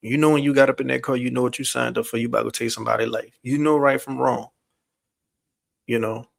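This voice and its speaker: A man hosting a casual chat, measured and hedging, with lots of "you know" and "like". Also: medium pitch, fairly even intonation, vocal fry.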